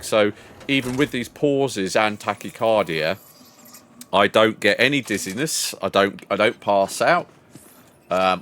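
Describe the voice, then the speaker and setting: An older man streaming a game, chatting casually and telling a long rambling story, putting on higher voices when he quotes people. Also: a bit bright, slight background noise. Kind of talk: casual chat while gaming.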